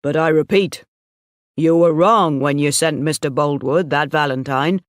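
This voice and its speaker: A woman reading the lines of a steady, honest young male shepherd, speaking calmly and plainly. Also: low voice, unhurried, no room sound, clean studio sound. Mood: firm. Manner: calm, firm and plain.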